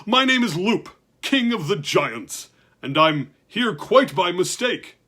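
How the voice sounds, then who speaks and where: A jolly, bumbling giant king, voiced by a man reading aloud booms out his lines with husky warmth. He sounds big, kind and excitable, like a storybook monarch who means well. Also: slow, heavily acted. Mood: jolly booming. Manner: loud, exclaiming, cheerful.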